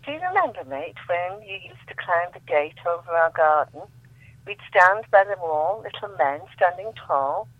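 This guest poet on a phone-in recites her own verse emotionally, building rising, repeated refrains. She speaks a little slowly in a fairly low voice, and the thin phone line has no room sound at all.

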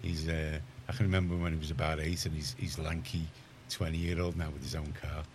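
A man's voice: very deep voice, flat delivery, fairly quick, noisy background. A middle-aged man with a Liverpool accent hosting a community radio show in casual chat, rambling and correcting himself, then getting emphatic. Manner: rambling, self-correcting, gets heated and emphatic. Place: radio studio.

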